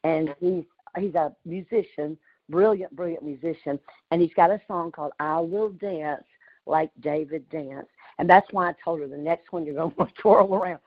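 A woman, telling an animated story with exclamations on a group call. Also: low voice, moderate pace, narrow, tinny audio. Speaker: community call participant.

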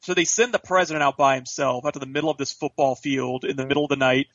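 A man's voice: mid-range voice, quick pace, fairly bright tone, no room sound, muffled recording. A man co-hosting a podcast, animatedly retelling TV scenes with lots of swearing and acted-out quotes. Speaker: podcast co-host. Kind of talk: casual chat.

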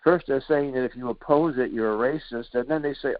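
A man's voice: mid-range voice, brisk, no room sound, narrow, tinny audio. A male radio host giving an indignant political monologue, rambling with many fillers and restarts.

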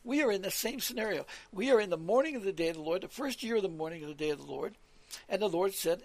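A man's voice: sits high, animated, fast, dry recording. A man preaching an earnest, rambling scripture lesson, often repeating himself and restarting. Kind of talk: scripture teaching on a radio call.

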